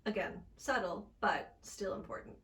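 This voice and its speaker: A woman speech coach giving an accent lesson, with upbeat, encouraging delivery and crisp, deliberate articulation. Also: medium pitch, fairly bright tone, recorded from a distance.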